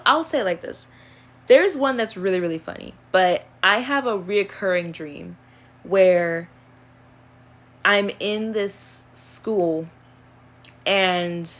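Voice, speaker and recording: A woman in her early twenties chatting casually on a live stream, rambling and easygoing, with lots of fillers as she answers questions. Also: on the low side. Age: early 20s.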